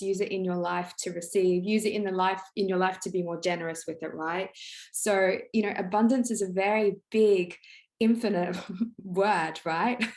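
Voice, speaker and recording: Woman, meditation guide, effusive, repeats words, laughs often, average pitch. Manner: laughs often while talking. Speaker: energy healer and meditation guide. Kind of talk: live online meditation introduction.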